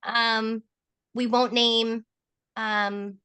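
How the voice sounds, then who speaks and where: A woman's voice: on the high side, little pitch movement, very slow, bright, forceful tone, smooth. A woman chatting casually and telling stories, peppering her talk with "like" and "right?". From Canada. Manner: chatty, storytelling, frequent 'like' and 'right?'. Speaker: co-host asking questions. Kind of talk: casual conversation.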